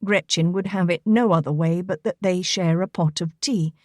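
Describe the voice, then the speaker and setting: A woman narrating a romance novel in a steady, even storytelling read. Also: on the low side, moderate pace, dry recording, studio quality. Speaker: audiobook narrator.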